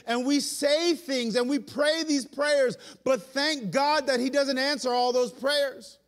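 High-voiced pastor preaching in a reverberant hall. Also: male voice, steady tone, slow pace, few pauses. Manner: impassioned, swinging from loud urgent peaks to quiet intimate asides; acts out prayers and God's replies in the first person. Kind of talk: sermon. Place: church sanctuary.

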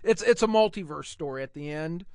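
A man's voice: fairly high pitch, expressive, fairly quick, darkish tone, no room sound, clean studio sound. A man co-hosting a podcast, telling stories animatedly and acting out characters with laughs. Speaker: podcast co-host. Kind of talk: casual chat.

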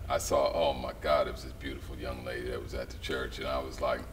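A low-pitched middle-aged man tells stories as an interview guest, lively, slipping into the voices of people he quotes. The mic sits a little distant and a faint noise runs underneath. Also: fast. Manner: animated storyteller who acts out quoted voices. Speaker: guest, writer and director. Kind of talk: storytelling in a casual interview.

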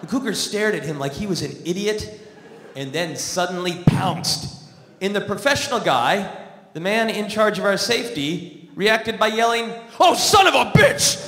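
A man tells a comic story with a dry, wry delivery, his voice high and bright. He speaks into a stage mic in a large theatre, and the sound rings with long hall reverb and a faint hiss. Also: moderate pace. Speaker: comedian. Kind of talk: stand-up storytelling. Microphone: stage microphone. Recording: echoey theatre hall from a distance.

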